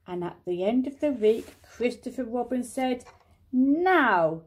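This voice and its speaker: An older woman reading a children's storybook aloud in a slow, careful manner. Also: a little high, warm tone.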